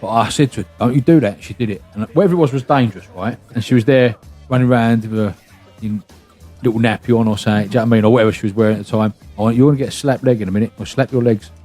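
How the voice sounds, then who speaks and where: Fast-talking sweary man. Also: mid-range voice, warm tone, faint music behind. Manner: blunt, sweary storytelling. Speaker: podcast host. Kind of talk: casual chat.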